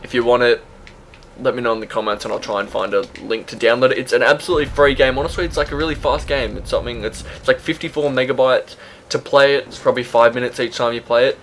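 A man's voice: medium pitch, steady tone, quick pace, fairly bright tone. Young Aussie guy narrating his zombie-game run, loose and sweary, mid-range voice, faint background hiss. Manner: chatty, swears freely, laughs at himself. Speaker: gaming YouTuber. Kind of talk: casual gameplay commentary.

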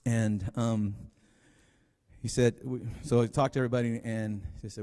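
A man's voice: mid-range voice, steady tone, moderate pace, dark tone. A man preaching a sermon as pastor, telling a story in a rambling, conversational way with many restarts. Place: church sanctuary. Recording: long hall reverb.

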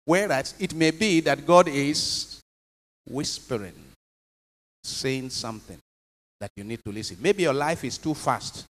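A man's voice: medium pitch, unhurried. A man, a priest, giving an emphatic homily and putting questions to his congregation. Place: chapel. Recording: long chapel reverb.

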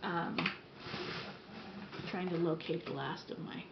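A woman's voice: fairly low pitch, fairly even intonation, takes it slowly, very noisy. A woman chatting casually as she reviews wax melts at home, rambling with little giggly asides. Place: room at home. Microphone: camera mic. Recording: dull, roomy home camera audio.

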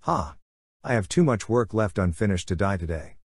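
Man doing a gruff defiant warrior, low voice, short curt lines, dry sound. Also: expressive, normal speed, no echo. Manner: curt, spitting, growling. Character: grim, terse male warrior, defiant captive. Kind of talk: audiobook character voice.

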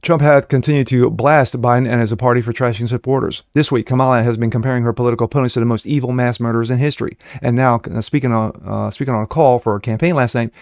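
A man's voice: medium pitch, a little mellow, no echo, studio quality. A man reading news items aloud and breaking off for mocking asides, full of fillers and self-corrections. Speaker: online political commentator. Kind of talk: reading news with personal commentary.

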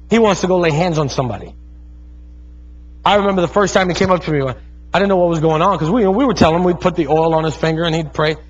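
A high-pitched male pastor in his thirties delivers a fervent sermon. He calls out to the congregation and drifts into stories about his family. The recording sounds dull and lo-fi. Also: breathy edge.

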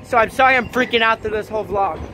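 Frantic young man, high voice, outdoors. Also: quick pace, noisy background. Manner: frantic, repeats himself. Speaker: train-spotting vlogger. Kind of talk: excited vlog commentary. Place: outdoors by railway tracks.

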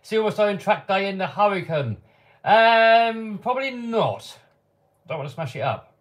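His voice is high and animated, and his pace a little slow, as he hosts a casual live-stream Q&A from his home workshop. The man reads out what viewers ask in the chat and answers offhandedly, with the odd chuckle.

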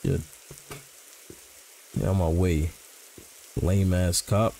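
A man's voice: low-pitched, flat delivery, drawn-out words, gravelly, long pauses, warm tone, a little hiss or hum, low-quality recording. A man casually commentating as he plays a horror game, joking in slang and reacting to what happens. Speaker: gaming channel host.

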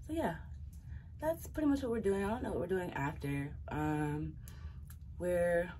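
A woman's voice: fairly low pitch, slight background noise. A young woman, chatting casually to her phone camera in a slang-filled vlog. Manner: relaxed, chatty, laughs often, lots of slang. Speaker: vlogger.

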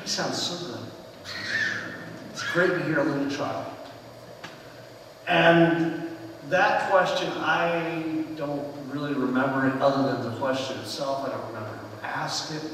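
A man preaching a conversational sermon in a church sanctuary, telling personal stories earnestly and letting his phrases fall softly at the ends. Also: mid-range voice, fairly even intonation, measured pace, pauses often, a little hiss or hum. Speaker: pastor. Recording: echoey sanctuary with long reverb, far from the mic.

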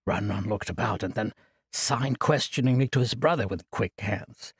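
A man narrating a fantasy audiobook in an expressive storytelling manner. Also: fairly low pitch, moderate pace, gravelly, breathy edge, dry recording, clean studio sound.

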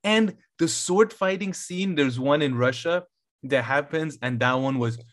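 A man co-hosting a podcast in casual chat, relaxed and full of "like" fillers. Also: a little high, measured pace. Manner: relaxed, laughs along, filler words. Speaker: podcast co-host.

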